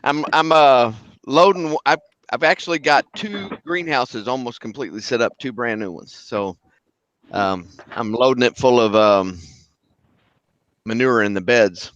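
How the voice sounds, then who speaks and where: A man's voice: mid-range voice, a little slow, fairly bright tone, no echo, lo-fi sound. A man, joking around in a laid-back casual chat.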